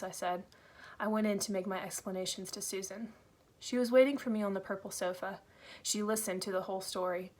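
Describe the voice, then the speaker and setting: A woman reading a first-person novel aloud, in an earnest, steady storytelling manner. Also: mid-range voice, fairly quick. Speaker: audiobook reader.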